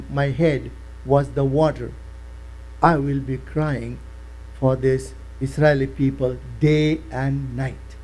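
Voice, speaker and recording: A man preaching a sermon, emphatic and repetitive, explaining a Bible passage slowly. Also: a little high, darkish tone, rough recording. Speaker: pastor.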